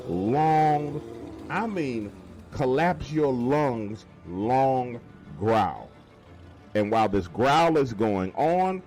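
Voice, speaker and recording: A man narrating a first-person scary story in a colloquial, emphatic, animated way. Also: mid-range voice.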